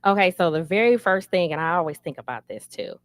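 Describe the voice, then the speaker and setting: A woman's voice: on the low side, lively intonation, brisk, no echo, studio quality. A middle-aged woman running for city council, answering an interview in a candid, emphatic storytelling manner.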